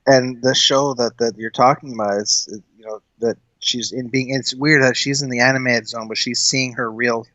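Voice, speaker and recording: A man's voice: medium pitch, steady tone, normal speed, few pauses, bright, forceful tone, no echo, dull audio. A man co-hosting a casual film discussion, talking earnestly with many fillers and restarts. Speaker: podcast co-host.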